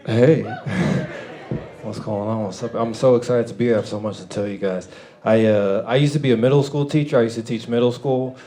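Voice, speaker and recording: A man performing a stand-up comedy set, loud and animated, often laughing at his own jokes. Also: fairly low pitch, brisk, a little hiss or hum. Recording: live club with crowd laughter. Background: audience laughing and clapping.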